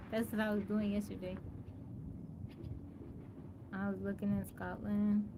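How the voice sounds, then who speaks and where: Woman streamer, even flat delivery, casual chat with viewers, outdoors on a phone mic, clear background ambience. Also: medium pitch, a little slow, noisy background. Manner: greets viewers by name, easygoing. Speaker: live streamer.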